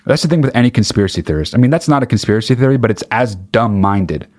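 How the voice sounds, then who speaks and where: A man ranting with sarcasm and heavy swearing, mocking others in high put-on voices. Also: lively intonation, fast, a little mellow. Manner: angry, sarcastic, swears a lot. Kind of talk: profane ranting monologue.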